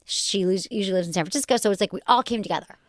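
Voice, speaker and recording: A middle-aged woman hosting a podcast, chatting casually and telling a story with animated delivery, acting out voices as she goes. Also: mid-range voice, very fast, no echo, studio quality. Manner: animated, acts out voices in stories. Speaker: podcast host.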